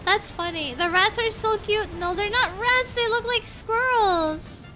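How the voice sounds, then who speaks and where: A woman's voice: extremely high pitch, measured pace, pushed and bright. A woman streaming a game and chatting casually with her viewers, reacting to the game and to chat as she plays. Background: faint game music.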